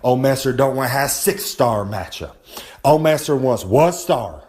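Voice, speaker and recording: Outdoors on a humid day, a brash man presenting a recurring segment cuts a wrestling-style promo, bragging, rambling, and talking about himself in the third person. He heats up easily and swears freely, his middle-pitched voice animated, a little slow, and slightly mellow.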